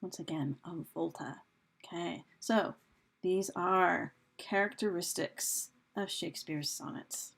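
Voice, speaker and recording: Woman teacher, gravelly husky voice, casual recorded lesson, asks her class questions. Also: on the low side, takes it slowly, fairly bright tone. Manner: chatty, with fillers and rhetorical questions to students. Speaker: English teacher. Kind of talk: recorded lesson over slides.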